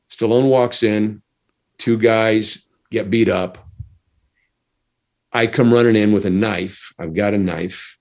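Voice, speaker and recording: A man's voice: lowish voice, a little mellow. A middle-aged American man, a former stuntman, telling a story casually, laughing often and acting out quotes. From United States.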